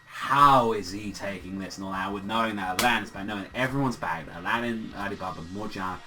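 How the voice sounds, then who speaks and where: A man's voice: fairly low pitch, a little fast, low-quality recording. Swearing, rambling male manga reviewer. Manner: rambling, heavy swearing, lots of fillers. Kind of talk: casual chapter review.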